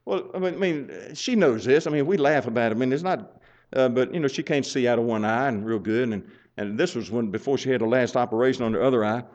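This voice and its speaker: An older man preaching a folksy sermon, telling stories and building up to loud urging. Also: mid-range voice, quick pace. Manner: storytelling, chuckling, rising to loud exhortation. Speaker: pastor. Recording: muffled lo-fi sound.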